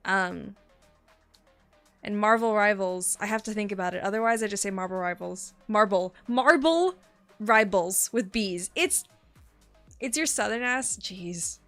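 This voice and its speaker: Bright-voiced excitable woman streamer. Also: medium pitch. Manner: excitable, swears freely, gasps and laughs often. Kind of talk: casual stream chat.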